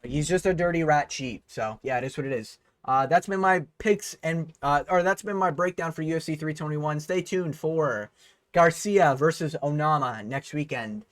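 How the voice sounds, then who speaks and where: A man's voice: fairly high pitch, normal speed, dry recording. A man hosting a vlog breakdown of a fight card, ranting heatedly with plenty of swearing. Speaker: host.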